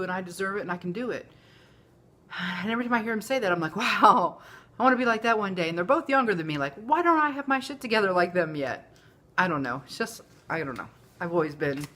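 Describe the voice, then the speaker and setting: A woman's voice: mid-range voice, a bit bright, a little hiss or hum. A woman, talking candidly and emotionally in a rambling personal vlog. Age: 40s. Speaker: vlogger. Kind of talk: casual confessional vlog.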